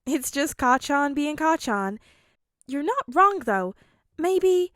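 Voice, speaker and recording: A woman doing an eager, fretful teenage boy, pitched up high, all earnest pleading and whining in an audiobook reading. The voice sounds close and dry. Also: big pitch swings, slow pace, a bit bright, no room sound, heavily acted. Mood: whiny. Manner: earnest, whiny, flustered.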